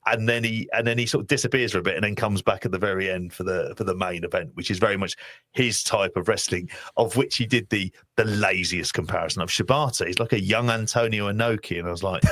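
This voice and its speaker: A man co-hosting a podcast, talking in a sardonic, sweary, bantering way. His voice sits on the low side, recorded dry and close with no room sound. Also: a little fast, fairly bright tone, dry recording. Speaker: podcast co-host. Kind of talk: casual podcast chat.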